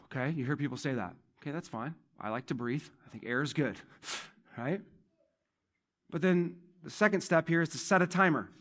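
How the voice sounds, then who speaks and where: A male pastor giving a sermon in a church, talking conversationally, repeating key phrases and swinging between loud emphasis and quiet asides. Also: a little high, normal speed.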